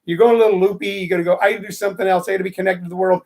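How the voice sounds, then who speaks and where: A man's voice: high-pitched, steady tone, rapid-fire, a little mellow. A middle-aged man hosting a loose, rambling live stream, chatting with viewers and greeting them by name. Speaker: host.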